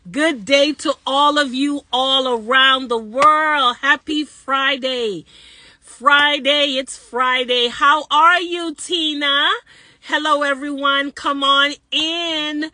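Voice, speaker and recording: A woman's voice: high voice, steady tone, takes it slowly, bright, forceful tone, no room sound. An older woman hosting a casual live stream from a parked car on her phone, cheerfully greeting viewers in several languages. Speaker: social media live host.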